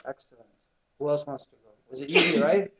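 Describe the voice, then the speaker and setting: A man's voice: a little high, quick pace, over a noisy crowd. A man teaching beginners Arabic in a classroom, drilling students with call and response. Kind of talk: classroom lesson. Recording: muffled lo-fi classroom recording.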